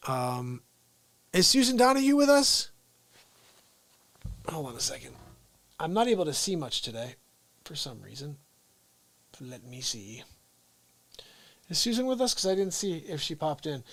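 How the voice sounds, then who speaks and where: A man hosting a live show, telling family stories casually, swinging from loud outbursts to hushed asides. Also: fairly high pitch, big pitch swings, measured pace, long pauses, no room sound. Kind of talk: casual live-stream storytelling.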